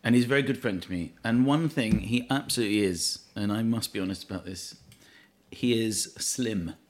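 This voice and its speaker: A man, a guest in casual chat, telling stories in an animated way. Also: on the low side, normal speed. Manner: animated storytelling.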